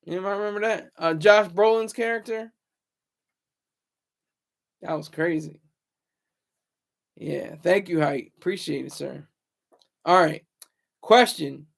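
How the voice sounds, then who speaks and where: A man in his thirties hosts a casual livestream with a fairly high voice. He rambles from thought to thought, stopping to read out and answer viewer comments. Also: measured pace, creaky, long pauses. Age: 30s. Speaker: livestream host.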